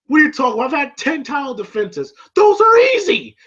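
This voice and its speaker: A man putting on a hot-headed male boxing champion yelling his challenge. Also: extremely high pitch, animated, quick pace, highs cut off, voice pushed up, heavily acted. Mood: indignant. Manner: yelling, fired up.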